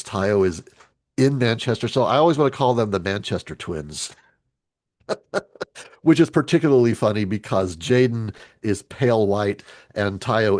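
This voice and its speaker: A man leading a virtual team meeting, talking casually and joking, with halting restarts over a video call. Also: on the low side, a little mellow, dry recording, clean studio sound. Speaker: team leader.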